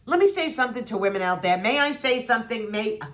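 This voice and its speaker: A woman's voice: big pitch swings, fast. A woman in her sixties venting to her viewers about a TV show, blunt, sarcastic and salty, mimicking people and jumping up in disbelief. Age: 60s. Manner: blunt and salty, mocking voices, swings pitch up in disbelief. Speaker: vlogger reviewing a TV show. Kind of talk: animated, sarcastic rant to camera.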